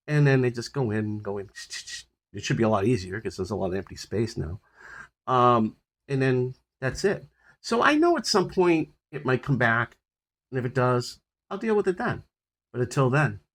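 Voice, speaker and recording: An older man with a husky voice casually rambling about his health on a phone recording, full of fillers and restarts. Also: medium pitch, sing-song, moderate pace, fairly bright tone. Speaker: vlogger sharing his health journey. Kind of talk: casual personal update to camera.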